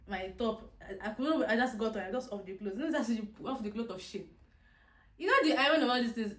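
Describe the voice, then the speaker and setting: Young woman, mid-pitched, vlogging a raw personal testimony; quiet stretches break into loud, animated outbursts and stumbling restarts; echoey room. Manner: animated, swings from quiet to loud exclamations, laughs through pain; frequent restarts and repeated words. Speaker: vlogger telling her story.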